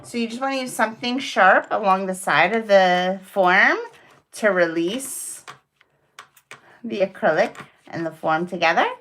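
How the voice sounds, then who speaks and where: A woman's voice: medium pitch, a little slow, a bit bright. A woman from Long Island, a nail technician, patiently coaching a student through a hands-on demo for her online chat. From Long Island, New York. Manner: patient, coaching, playful asides. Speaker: nail technician teaching on a livestream. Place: nail salon workstation. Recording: constant dust-extractor noise. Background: machine whir.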